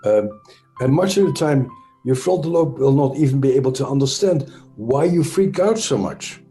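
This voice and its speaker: A man with a Dutch accent, an interview guest explaining ideas in a thoughtful, halting way with frequent pauses and self-corrections. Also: mid-range voice, animated, mellow, roomy sound, soft background music. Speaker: interview guest, trauma expert. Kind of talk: conversational explanation.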